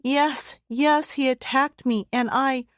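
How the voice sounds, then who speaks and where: A woman's voice: sits high, steady tone, slow pace, no echo, voice pushed up. A woman voicing a terrified, crying young woman. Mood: distraught. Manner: pleading, breathless urgency. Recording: dry close studio sound.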